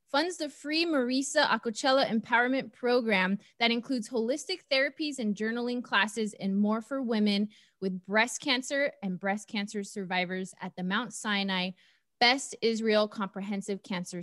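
Gushy woman podcast host, kinda high voice, swears casually and gets all excited. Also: no room sound, studio quality. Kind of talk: casual interview chat.

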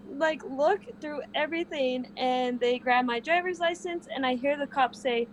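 A woman's voice: high-pitched, moderate pace, dull audio, a crowd in the background. A woman guest casually telling a personal story with lots of "like" fillers.

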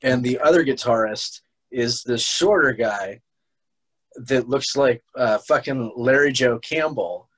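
A man hosting a casual podcast chat, talking at an everyday mid pitch. He rambles, swears freely and keeps restarting his sentences. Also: unhurried, a bit bright, breathy edge, low-quality recording. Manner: rambling, profane, restarts a lot. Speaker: podcast host.

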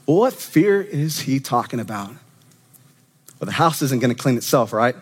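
A man preaching an animated, conversational sermon as a student minister, acting out quoted voices. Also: medium pitch, moderate pace, husky. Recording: long reverb of a church hall.

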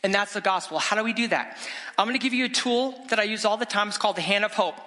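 A middle-aged man, a guest evangelist, preaching an animated, exclamatory storytelling sermon in a church sanctuary. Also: high-pitched, fast talker. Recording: long church reverb.

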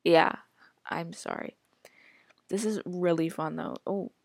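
A woman's voice: fairly low pitch, steady tone, slow pace, creaky, no room sound, clean studio sound. A woman hosting a casual solo podcast, rambling and chatty, full of "like" and reacting aloud to what she scrolls through. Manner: rambling, chatty, heavy use of filler "like". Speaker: podcast host.

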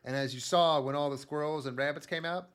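A man on a podcast recapping an anime with deadpan humor, sometimes putting on loud silly voices. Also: a little high, quick pace, smooth. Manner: deadpan storytelling, bursts into loud mock voices. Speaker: podcast host. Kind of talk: casual comedic anime recap.

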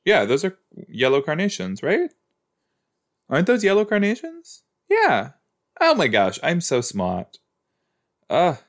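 A man's voice: high voice, wildly swooping pitch, unhurried, long pauses. A man hosting a casual watch-along podcast, rambling and questioning himself aloud as he goes. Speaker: podcast host.

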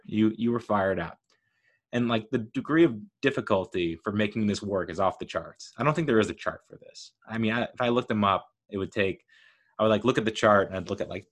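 Chatty, low-voiced man riffing on movies. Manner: rambling, jokey, animated, self-interrupting. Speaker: podcast host. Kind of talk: solo casual movie commentary.

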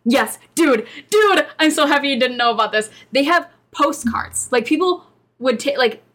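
A woman co-hosting a chatty folklore podcast, reading out legends and reacting with loud exclamations. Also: sits high, normal speed. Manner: animated and exclamatory, reads folklore aloud. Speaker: podcast co-host. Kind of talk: casual chat.

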